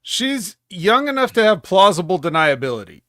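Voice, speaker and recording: A man with a bright, fairly high voice trading dry jokes on a wrestling review chat. His pitch moves around a lot, and the sound is dry and close. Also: sing-song, moderate pace, no echo. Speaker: podcast co-host.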